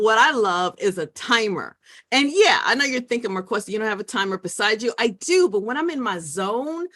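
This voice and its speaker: A woman hosting a casual live-stream tutorial on Zoom tips, chatty and excitable, talking straight to her viewers with quick asides, through a computer mic. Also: mid-range voice.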